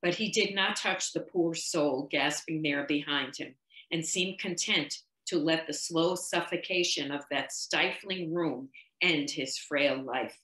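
Woman slowly reading an old story out loud, expressive, echoey room. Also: sits low. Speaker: reader. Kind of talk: reading a 19th-century short story aloud.

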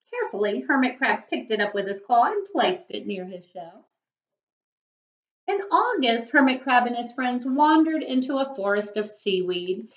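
A woman's voice: a little high, big pitch swings, normal speed. A woman teacher reading a picture book aloud expressively, now and then asking her listeners questions. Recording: echoey room, dull lo-fi.

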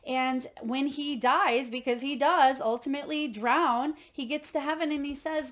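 Gentle spiritual coach woman, slightly high. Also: steady tone, normal speed. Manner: gentle, encouraging, tells parables. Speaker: intuitive coach reading oracle cards. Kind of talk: spiritual card reading.

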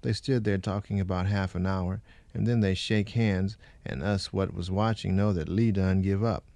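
A man giving a steady first-person reading of a former slave's account, in rural dialect. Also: low-pitched, normal speed, dry recording.

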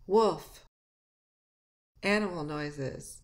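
A woman teacher reading a lesson aloud at a slow pace, singing a nursery rhyme and acting out animal and object sounds in high, loud bursts.

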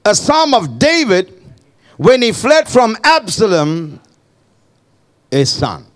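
A man preaching a sermon as pastor to his church, building to shouted, impassioned calls and call-and-response with the congregation. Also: high voice, huge pitch swings, takes it slowly, long pauses.

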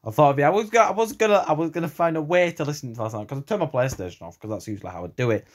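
A man's voice: on the high side, lively intonation, rapid-fire. A man vlogging from home, rambling through a casual reaction and leaning heavily on "you know" and restarts. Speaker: reaction video creator. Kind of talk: casual rambling talk to camera. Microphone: camera set up at an odd angle.

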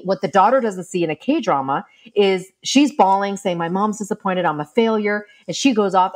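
Middle-aged woman therapist guest, low-ish voice, lively anecdotal delivery. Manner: animated storytelling, acts out quoted lines. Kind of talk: casual interview talk.

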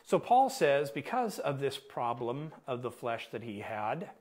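Male pastor, unhurried sermon delivery, medium voice, rhetorical questions, weighted pauses. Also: medium pitch, sing-song, darkish tone. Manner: asks the congregation questions, deliberate emphatic pauses.

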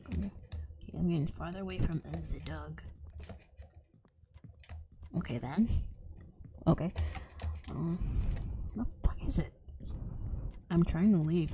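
Low, mellow-voiced woman gamer. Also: slight background noise. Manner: chatty, swears freely, often drops to a whisper. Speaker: streamer playing a horror game. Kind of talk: casual let's-play commentary.

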